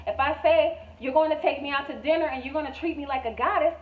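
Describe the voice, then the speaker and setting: Her high voice comes across brisk and far from the mic, with a thin, echoey, phone-like quality. The manifestation coach's motivational vlog talk is emphatic and repetitive, blunt and full of profanity.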